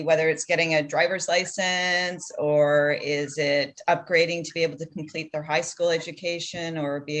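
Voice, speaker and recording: Earnest low-voiced woman explaining her charity. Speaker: executive director of a literacy charity. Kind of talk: casual interview answers.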